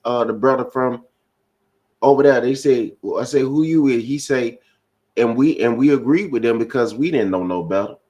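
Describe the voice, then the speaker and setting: A man's voice: medium pitch, darkish tone. A man preaching to a live-stream audience, repeating his phrases and building to emphatic bursts.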